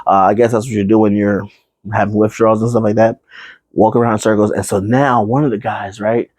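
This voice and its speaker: Flat in delivery, lowish and darkish in tone, this man talks through a horror film's plot with no room sound. He wanders into fillers and side comments, occasionally doing quick impressions of the characters.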